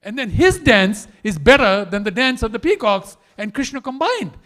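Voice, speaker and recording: A man telling a story in a temple class, animated and acting out each character as he goes. His voice sits high and swings widely in pitch, and he keeps the telling lively. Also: normal speed. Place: temple hall.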